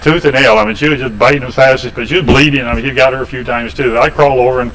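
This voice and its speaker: A man's voice: mid-range voice, fairly even intonation, rapid-fire, fairly bright tone, a little hiss or hum, poor audio. A man in a woodshop, demonstrating woodturning and telling rambling, folksy anecdotes with chuckles. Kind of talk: casual storytelling during a lathe demo. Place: woodshop, indoors.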